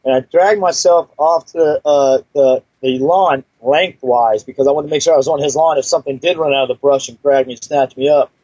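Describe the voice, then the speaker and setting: A man's voice: medium pitch, fairly quick, hardly any pauses, darkish tone, husky, dry recording. A man telling a personal story in a casual, rambling way, with many fillers and restarts. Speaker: guest storyteller. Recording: dull lo-fi recording, dry.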